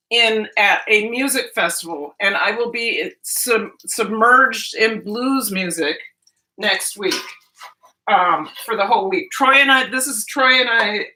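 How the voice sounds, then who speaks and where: Bright-voiced chatty woman vlogger. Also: on the high side. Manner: chatty and rambling, with frequent restarts; talks mostly with the lips, barely moving the jaw. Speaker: vlogger live-streaming while cooking breakfast. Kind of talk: casual chat with live chat viewers.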